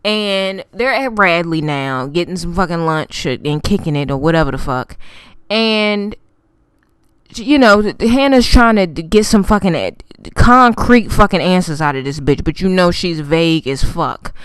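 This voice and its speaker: A woman's voice: fairly low pitch, measured pace, smooth, no echo, studio quality. A woman giving a casual, profane and sassy recap of a TV episode, talking straight to her viewers. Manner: profane, sassy and animated, heavy swearing; chatty with fillers, addresses viewers as y'all. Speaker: TV recap vlogger.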